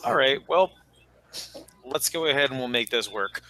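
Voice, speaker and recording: A man playing a tabletop game who jokes playfully and often laughs. His voice is lively and bright, moving up and down freely. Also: mid-range voice, moderate pace. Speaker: player. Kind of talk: casual tabletop play.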